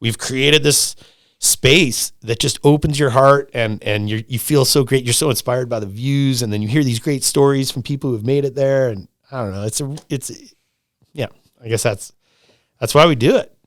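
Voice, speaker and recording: Middle-aged man, podcast guest, excitable rambler, mid pitch, dry close mic. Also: normal speed, no echo. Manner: animated, rambling, swearing, repeating himself. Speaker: lodge owner, podcast guest. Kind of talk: casual podcast conversation.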